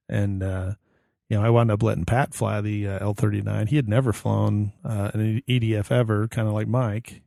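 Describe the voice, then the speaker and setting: A man's voice: fairly low pitch, fairly even intonation, brisk, creaky, warm tone, dry recording, studio quality. A man co-hosting a podcast in casual chat, a rambling storyteller who acts out the voices of people in his anecdotes. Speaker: podcast co-host.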